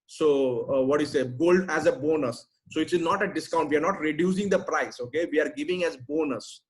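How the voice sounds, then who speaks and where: A man's voice: fairly high pitch, fairly quick, poor audio. A man answering questions in a webinar, blunt and emphatic, often ending with "right?". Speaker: sales trainer answering questions.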